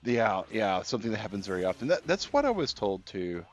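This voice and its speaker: Deep-voiced man chatting on a game stream. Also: brisk. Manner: relaxed, rambling, answers chat, many fillers and restarts. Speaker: gaming livestreamer. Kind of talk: casual live-stream chat while playing. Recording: slightly dull stream audio with faint game music.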